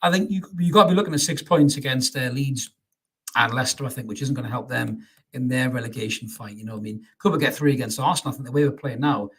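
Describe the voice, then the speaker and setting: Hosting a live stream for his fan channel, a man with a husky, medium-pitched voice runs quickly through viewer comments. His tone is casual, he addresses everyone as mate, and he frequently starts his sentences over.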